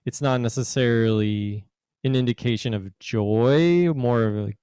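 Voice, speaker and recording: Casual guy hosting a podcast, smooth voice, dry close sound, teasing and rambly. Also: medium pitch, unhurried, dark tone, no room sound. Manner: teasing, rambling, puts on a joke British accent. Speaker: podcast host.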